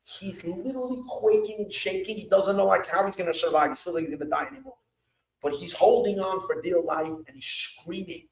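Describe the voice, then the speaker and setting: A man, a rabbi, telling a story at an evening gathering, breaking into shouts and restarting his sentences often. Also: sits high, fairly quick. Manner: animated, bursts of shouting when retelling yelled lines, many restarts. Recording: echoey room, mic far off.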